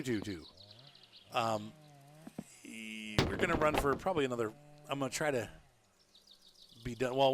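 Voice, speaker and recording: Man, game streamer, chatty, rambling, laughs a lot, animated pitch, loud noisy background. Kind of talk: live gameplay stream commentary. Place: at home.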